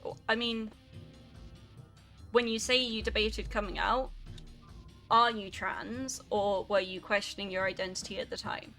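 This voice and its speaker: A woman's voice: mid-range voice, steady tone, measured pace, long pauses, pushed and bright, faint music behind. A young woman, chatting casually and swearing now and then while she streams a video game. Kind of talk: casual rambling while gaming.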